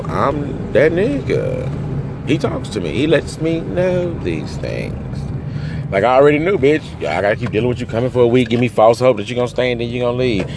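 A man's voice: fairly low pitch, heavy background noise. Crying, furious man ranting outdoors. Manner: angry, hurt, profane, swings between yelling and muttering. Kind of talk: emotional rant to camera.

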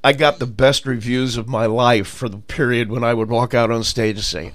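A man's voice: mid-range voice, fairly even intonation, moderate pace, hardly any pauses. A male comedian in casual chat, voicing jaded, cranky opinions.

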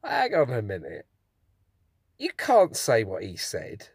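A man's voice: mid-range voice, wildly swooping pitch, slow pace, gravelly, breathy edge, no room sound. A man with dry, teasing banter, co-hosting a casual podcast chat. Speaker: podcast co-host.

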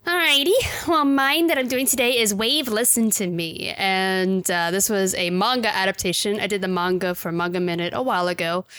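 An enthusiastic woman hosting a podcast, talking in a loose, chatty way full of fillers and frequent laughter. Her voice sits at an everyday middle pitch, recorded close and dry with no room sound. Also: moderate pace, hardly any pauses, fairly bright tone, dry recording. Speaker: podcast host reviewing anime. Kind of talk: casual chat.

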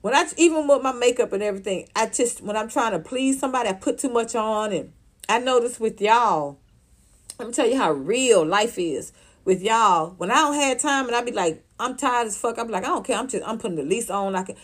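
A woman, ranting casually to her livestream viewers, profane and animated, often laughing. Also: a little high, a little fast. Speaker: vlogger reacting to viewer comments.

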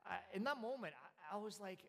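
Male pastor, 30s, slightly high voice, easygoing sermon delivery full of "uh"s and restarts, long church-hall reverb. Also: fast talker. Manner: relaxed storytelling with frequent fillers and restarts. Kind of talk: conversational sermon.

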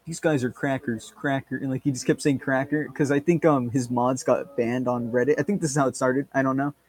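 A man's voice: mid-range voice, fairly even intonation, a little fast, a little mellow. Rambling joking man on a podcast. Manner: rambling, joking, swears freely. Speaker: podcast co-host. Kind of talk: casual podcast banter.

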